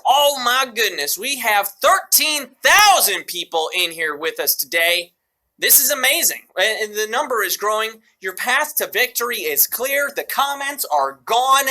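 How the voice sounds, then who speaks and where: A man's voice: high-pitched, big pitch swings, a little slow, bright, forceful tone. A man hosting a live mobile trivia game show, upbeat and joking with playful asides.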